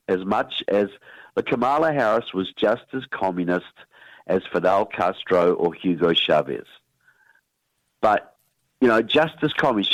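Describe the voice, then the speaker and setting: A very low-voiced man with a New Zealand accent, talking as an expert guest on a radio show. He presses his points hard and doubles back on his words to stress them. The sound is dry and close, with no room around it. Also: no echo, highs cut off. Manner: emphatic, repeats words as he builds a point. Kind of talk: radio interview.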